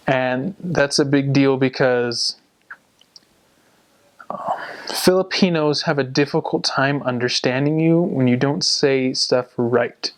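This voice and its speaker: A young man casually explaining how to learn a language, speaking in a steady, explanatory way. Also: mid-range voice, unhurried. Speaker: returned missionary giving language tips. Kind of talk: casual advice monologue.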